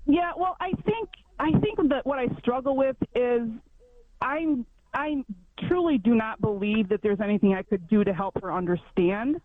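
A hesitant woman calls in to an advice show, pausing and restarting her thoughts. She comes through a thin, tinny phone line. The sound is dry. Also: fairly high pitch, no room sound. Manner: hesitant, laughs nervously. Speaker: caller. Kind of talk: phone-in conversation.

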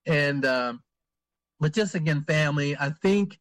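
A man, a priest, answering interview questions in a halting way with many fillers and restarts. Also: on the high side, a bit bright, no room sound.

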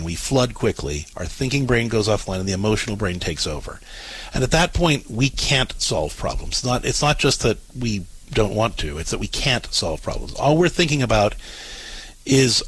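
A man with a husky, breathy voice at an ordinary middle pitch gives advice on a call-in show. He explains things step by step and comes back to his main points again and again. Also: fairly bright tone. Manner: direct, explanatory coaching with repeated instructions. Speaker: radio advice show host.

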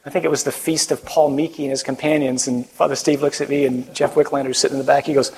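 A priest preaching a conversational sermon to a live audience, joking and putting questions to the listeners. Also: male voice, medium pitch, little pitch movement, fast talker, darkish tone, husky, low-quality recording.

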